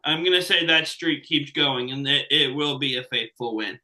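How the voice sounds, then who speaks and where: Male co-host, very bright sharp tone, dry humor. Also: medium pitch, moderate pace, poor audio. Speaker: podcast co-host. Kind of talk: casual chat.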